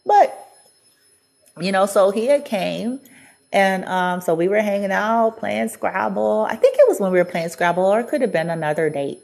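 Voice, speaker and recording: A woman's voice: mid-range voice, animated, moderate pace, gravelly, a little mellow. A woman vlogger telling a personal story in a chatty, casual way, often laughing and acting out what people said.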